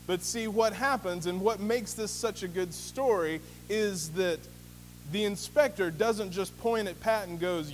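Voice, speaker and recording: A pastor with a high voice preaches a sermon at normal speed, telling stories conversationally with lots of fillers. He's in a church sanctuary, and the recording has a reverberant hall sound with a faint hum.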